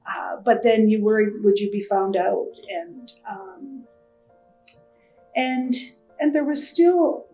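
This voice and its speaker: A middle-aged woman recalling the past in an oral history interview, thoughtful and halting. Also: a little high. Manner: thoughtful, halting, many fillers. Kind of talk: personal storytelling. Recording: muffled lo-fi audio with soft music.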